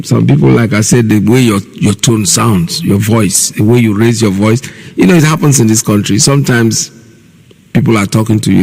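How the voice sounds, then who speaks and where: Nigerian male radio host, middle-aged, low gravelly voice, earnest and repetitive. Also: darkish tone. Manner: earnest, explaining at length with repeated phrases. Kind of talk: call-in radio talk.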